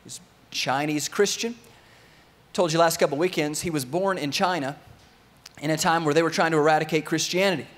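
A man delivers a sermon with animated, story-driven energy, his voice sitting a little higher than most. He leans in and out of the story, slipping into the voices of its characters before coming back to speak straight to his congregation. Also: brisk. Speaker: pastor.

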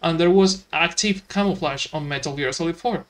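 A man's voice: fairly high pitch, fairly quick, fairly bright tone. A man commenting on a game while playing, ranting sarcastically with lots of swearing. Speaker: let's play commentator. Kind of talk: gameplay commentary.

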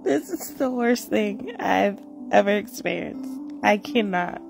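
A woman's voice: mid-range voice, lively intonation, slow, gravelly, music in the background. A woman reacting to a series episode as a vlogger, gushing and exclamatory, with frequent gasps and laughter.

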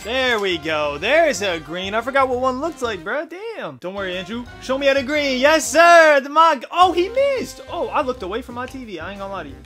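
A man's voice: extremely high pitch, big pitch swings, brisk, hardly any pauses, pushed and bright, soft background music. A young man giving live gameplay commentary as a gaming YouTuber, hyped and full of slang as he trash talks opponents. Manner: hyped, slangy trash talk to teammates and viewers. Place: home gaming setup in front of a TV.

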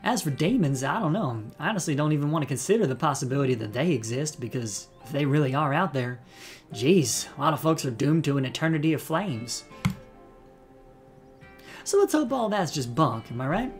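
A man's voice: fairly high pitch, lively intonation, brisk, faint music behind, natural voice. A man voicing a chatty young female cryptid-hunting vlogger in a put-on Southern US accent, breezy and rambling. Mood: folksy.

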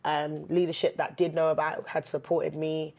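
A woman's voice: sits low, moderate pace, vocal fry. Earnest woman speaking of her faith. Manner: earnest, animated when joking, many fillers. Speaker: interview guest. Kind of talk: candid faith-based chat.

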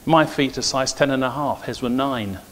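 A middle-aged man with a medium-pitched voice preaches in a church at a moderate pace. As a pastor, he weaves personal stories into his sermon and grows emphatic and preachy as his exhortation rises.

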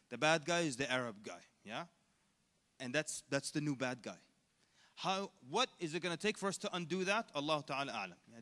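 A man giving a conversational, animated lecture at a convention, asking the audience questions as he goes. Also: fairly high pitch. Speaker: Islamic lecturer. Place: large convention hall. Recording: echoey hall.

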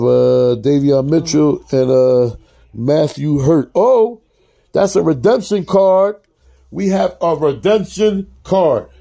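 Gravelly dark-voiced man opening card packs. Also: mid-range voice. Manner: reads out card names, casual slangy asides to viewers. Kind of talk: casual pack-opening commentary.

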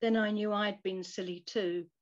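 A woman reading a devotional story and prayer aloud in a soft, measured, reflective way. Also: medium pitch, steady tone. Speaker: devotional reader. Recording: dull lo-fi recording.

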